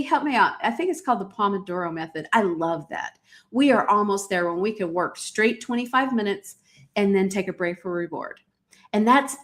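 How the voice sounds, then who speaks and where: Emphatic woman hosting a live podcast. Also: mid-range voice. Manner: emphatic, preacher-like repetition. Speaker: podcast host. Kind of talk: live-stream motivational talk.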